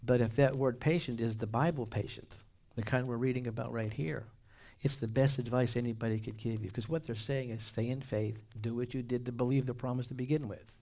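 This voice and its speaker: A man preaching a sermon with humorous asides and call-and-response, trading loud exclamations for hushed whispers. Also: medium pitch, fairly even intonation, brisk.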